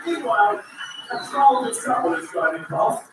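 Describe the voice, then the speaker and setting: A man doing a stand-up routine, acting out voices and shouting punchlines. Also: extremely high pitch, expressive, moderate pace, loud music behind the voice. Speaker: stand-up comedian. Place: stage before a live audience. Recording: echoey distant stage recording with loud audience.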